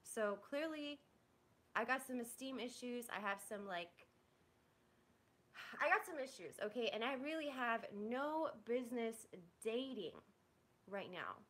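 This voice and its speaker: Young woman, high-pitched, bright tone, blunt, profane, venting to stream chat. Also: animated, measured pace, pauses often. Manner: frustrated, blunt and profane, with many "like"s and restarts. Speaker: livestreamer.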